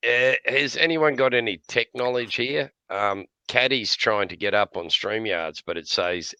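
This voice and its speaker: Give me a bright-voiced Australian man spinning yarns. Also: mid-range voice, unhurried, few pauses, clear, resonant tone, no echo. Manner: laughs often, swears freely, lively yarn-spinning. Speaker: livestream host. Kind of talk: casual chat with jokes and yarns.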